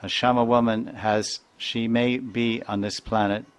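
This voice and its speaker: A man giving a devotional lecture as a spiritual teacher, chanting verses and imitating sounds in a playful, animated way. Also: mid-range voice, measured pace, clean tone. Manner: animated, playful, mimics sounds and voices, chuckles often.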